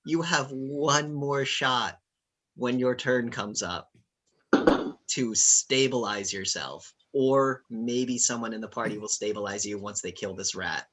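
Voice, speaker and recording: A man's voice: medium pitch, slow, a bit bright. A man running a tabletop game as game master, narrating casually with fillers. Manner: casual, rambling with fillers and laughs.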